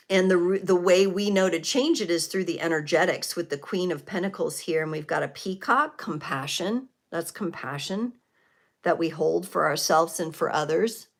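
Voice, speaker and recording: A woman's voice: on the low side, a little slow. A woman in her forties or fifties hosting a live tarot reading, speaking in a reflective, spiritual way with frequent fillers and restarts. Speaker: tarot reader and livestream host.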